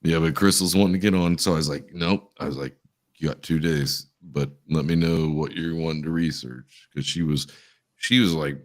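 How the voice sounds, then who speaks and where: Male podcast host with a deep voice and a loose, rambling, profane delivery. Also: steady tone, moderate pace. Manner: rambling storyteller, swears, laughs a lot. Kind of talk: casual chat.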